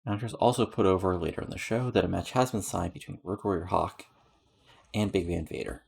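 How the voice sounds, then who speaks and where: A man's voice: deep voice, fairly quick, creaky, darkish tone, slightly rough. A man casually narrating a wrestling booking game, rambling with lots of fillers as he reads out match results and ratings. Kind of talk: casual let's-play narration.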